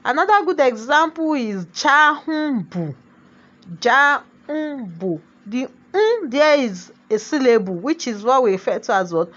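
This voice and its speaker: A woman's voice: high voice, very animated, moderate pace, hardly any pauses, fairly bright tone. Woman teaching Yoruba, lo-fi. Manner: asks rhetorical questions, switches between Yoruba and English. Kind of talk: classroom lesson. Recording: dull lo-fi sound.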